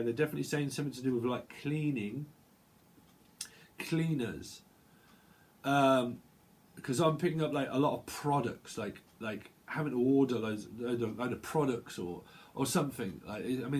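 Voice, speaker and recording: A man's voice: medium pitch, a little mellow, a little hiss or hum. A man giving a casual tarot reading, chatty and rambling, full of fillers and restarts. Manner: acts out little quoted voices, bursts of laughter. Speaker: tarot reader.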